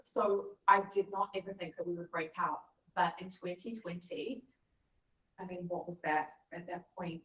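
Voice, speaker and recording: A woman's voice: fairly low pitch, fairly bright tone, recorded from a distance. Earnest woman, echoey room. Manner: earnest, reflective storytelling. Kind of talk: casual chat. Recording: echoey room, voice a bit off-mic.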